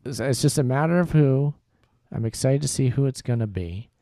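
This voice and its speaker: A man's voice: mid-range voice, lively intonation, brisk, mellow, dry recording, clean studio sound. A man co-hosting a casual live-stream podcast, rambling and correcting himself as he plugs the show's channels. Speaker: podcast co-host.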